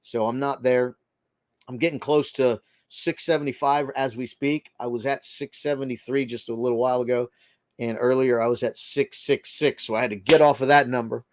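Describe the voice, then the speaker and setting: Here a man with a medium-pitched voice talks at normal speed with fairly even intonation. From around Boston and carrying a slight accent, he casually hosts a live stream, calls out viewers by name, and wanders through his talk full of filler.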